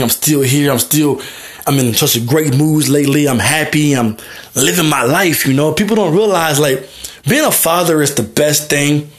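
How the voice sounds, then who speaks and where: Young man, podcast host, solo monologue, rambling, heartfelt, mid-pitched voice. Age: young adult. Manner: rambling, heartfelt, repeats "you know what I mean". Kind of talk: personal monologue.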